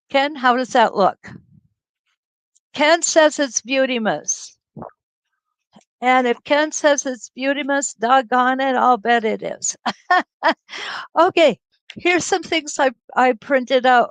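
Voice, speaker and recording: Middle aged lady hosting a quilting livestream, high voice, slow and a bit gravelly, dry close sound. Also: dry recording, poor audio. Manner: chatty and laughing, greets viewers by name. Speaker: host of a live quilting stream. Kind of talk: casual livestream chat greeting viewers. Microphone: computer webcam mic.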